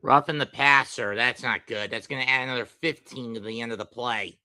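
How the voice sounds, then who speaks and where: A young man doing amateur play-by-play commentary of a football game in brisk, clipped calls. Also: medium pitch, fairly even intonation, pushed and bright.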